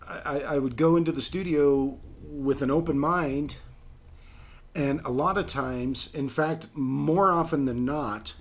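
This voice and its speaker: A man's voice: a little high, slow pace. A man chatting as a voice actor guest on an interview show, telling rambling stories about his work. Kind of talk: casual interview chat.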